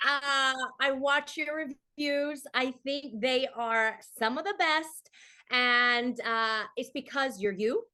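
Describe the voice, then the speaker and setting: A woman's voice: sits high, slow, bright, forceful tone. A woman actress, a guest on a podcast, chatting casually and expressively and laughing often. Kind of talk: casual chat.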